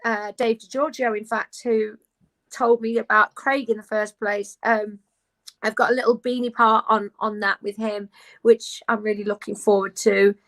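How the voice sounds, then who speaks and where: A woman guest on a casual live video chat, lively and candid, talking from her beauty room at home. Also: medium pitch, moderate pace, rough recording. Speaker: guest, actress. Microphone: video call.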